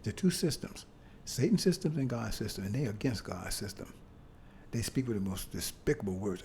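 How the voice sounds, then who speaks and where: A man preaching a sermon to brothers and sisters, talking in a loose, conversational way and often asking "see?" with halting restarts and bursts of emphasis. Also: medium pitch, very animated, gravelly, dark tone, a little hiss or hum. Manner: conversational, repeats "see?" to the congregation.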